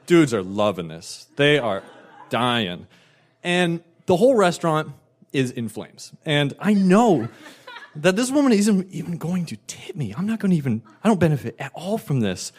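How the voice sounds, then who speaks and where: Animated male storyteller. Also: fairly high pitch, moderate pace. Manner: animated, emphatic, self-mocking. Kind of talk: personal storytelling.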